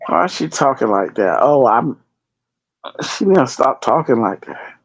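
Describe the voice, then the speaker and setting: A man's voice: medium pitch, sing-song, a little slow, slightly rough, no room sound. A man chatting as a guest on a livestream, teasing and repeating his lines. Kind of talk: casual livestream chat.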